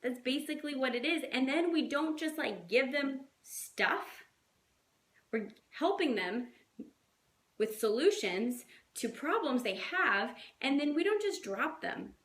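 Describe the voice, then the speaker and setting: A woman's voice: sits high, lively intonation, unhurried, a bit bright, echoey room. A woman coaching her team in a casual, chatty way, full of fillers and little acted-out quotes. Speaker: fitness coach.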